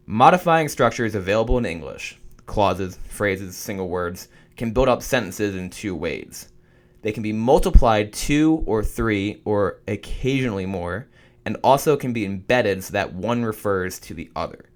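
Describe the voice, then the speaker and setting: A man's voice: lowish voice, animated, moderate pace. A young man reading study notes aloud for a writing course, stumbling now and then and restarting. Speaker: student making a study guide.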